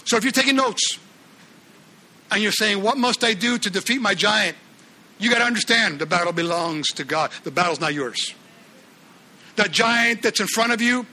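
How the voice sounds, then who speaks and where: A man preaching a sermon in an animated way, acting out the Bible characters' lines and often restarting his phrases. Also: sits high, moderate pace, long pauses. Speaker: pastor.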